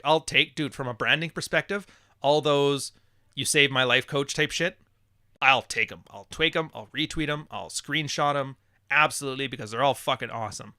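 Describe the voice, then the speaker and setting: A man's voice: mid-range voice, bright, forceful tone, dry recording, studio quality. A man hosting a live podcast, reading chat messages and talking in a blunt, profane, wisecracking way. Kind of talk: casual livestream monologue.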